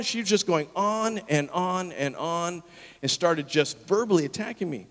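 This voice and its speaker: A man preaches a sermon in a slightly high voice, telling a story with lively energy and acting out its people. The sound carries the long echo of a large church hall. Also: moderate pace. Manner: animated, acts out the people in his story. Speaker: pastor.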